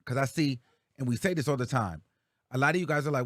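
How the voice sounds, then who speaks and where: A man's voice: medium pitch, fast, a bit bright, no room sound, studio quality. A man hosting a commentary show, talking casually in a chatty, slangy way.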